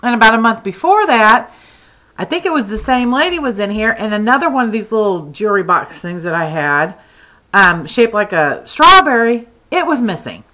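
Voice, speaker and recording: A woman's voice: fairly high pitch, moderate pace, poor audio. A woman from Texas, chatting casually as she tells a story about her candle shop. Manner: chatty, animated retelling with many "like"s.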